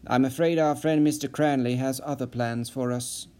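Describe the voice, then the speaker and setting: A seasoned, shrewd spy who picks his words with dry, pointed care, as a male narrator plays him. His voice is dark and mellow, at the narrator's own everyday pitch. He sounds steady and probing. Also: moderate pace, natural voice. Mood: grave.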